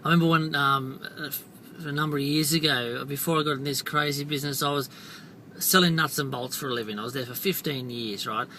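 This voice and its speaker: This middle-aged man, a vlogger who covers marketing and copywriting, pokes fun at himself while recounting a story to the camera, peppering it with fillers and tag questions like "right?" He speaks at a medium pitch in a steady, slightly fast, pushed and bright voice, and there's a little background noise.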